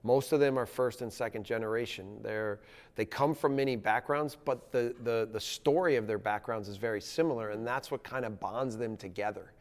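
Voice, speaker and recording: A man from the United States, a national soccer team coach, answering in a TV news interview in an earnest, halting way with frequent restarts. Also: mid-range voice, long reverb tail.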